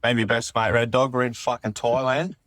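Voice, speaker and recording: A man's voice: mid-range voice, flat delivery, a little fast, a bit bright, no echo. Rowdy Australian man telling a crude story. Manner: rowdy, swearing, laughing anecdote teller. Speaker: caller.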